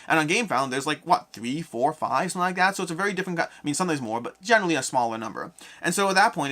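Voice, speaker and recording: A bright, quick-talking man hosting a live stream from a home studio. His pitch swings widely as he reads out chat questions and jokes back. The tone is casual and animated.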